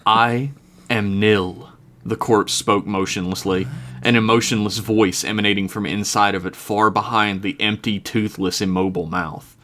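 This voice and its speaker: A man voicing a dead professor's corpse that speaks in an emotionless monotone. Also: lowish voice, natural voice. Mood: cold. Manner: monotone, slow and flat. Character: emotionless male corpse voice, an eerie mind.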